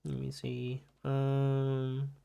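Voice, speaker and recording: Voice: mid-range voice, monotone, drawn-out words, creaky, mellow, smooth, lo-fi sound. A young adult art streamer chatting casually on a livestream, rambling, giggling often and swearing offhand.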